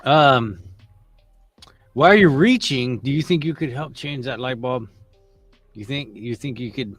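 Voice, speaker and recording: A man's voice: mid-range voice, a little slow, fairly bright tone, no echo, faint music behind. Laid-back wisecracking male co-host. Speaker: podcast co-host. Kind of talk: casual comedic review chat.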